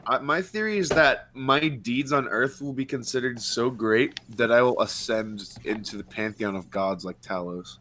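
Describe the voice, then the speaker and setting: A man's voice: mid-range voice, moderate pace, hardly any pauses, fairly bright tone. Male co-host, loose joking storyteller, full of fillers, mid-range voice. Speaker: commentary co-host. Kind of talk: casual let's-play banter.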